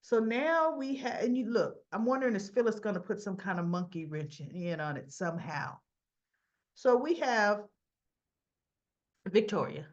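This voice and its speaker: A woman's voice: medium pitch, animated, a little slow, lo-fi sound. A woman hosting a casual soap recap, chatty and opinionated, acting out characters' lines as she goes. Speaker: soap opera recap host.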